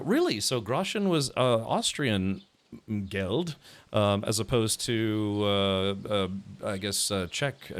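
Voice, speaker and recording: Low-voiced man rambling through a game stream. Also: animated, slow. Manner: rambling, thinks aloud, answers chat. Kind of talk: casual gameplay commentary.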